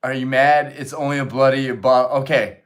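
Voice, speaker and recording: A man voicing an indignant British bloke in an exaggerated, loud, put-on British accent, pitched well above his own voice. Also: fairly even intonation, normal speed, lightly acted. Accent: British, badly imitated. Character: comic cockney-style British man, indignant.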